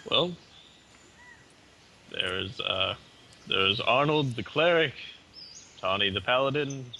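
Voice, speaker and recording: A man role-playing his character in a tabletop fantasy game, formal and a little hesitant. He talks very slowly in a bright, forceful voice, sitting fairly low, with a faint outdoor hum behind. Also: animated, gravelly. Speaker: player.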